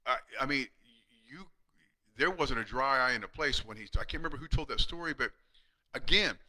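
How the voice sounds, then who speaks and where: A man in his fifties speaks with a very bright, forceful tone at a middle pitch. He gives an earnest, emphatic live talk to fellow practitioners, stumbling and restarting often and dropping to a hushed, quieter delivery when he retells stories. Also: lively intonation, brisk, poor audio. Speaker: chiropractor speaking to fellow chiropractors. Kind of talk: live-streamed motivational talk.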